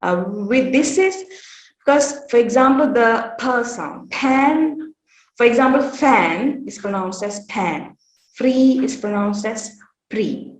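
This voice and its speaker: A woman giving an academic workshop presentation at a conference. She speaks in a measured way, often pausing on "uh" and "um". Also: fairly high pitch, expressive. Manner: measured, with frequent "uh" pauses. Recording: roomy echo.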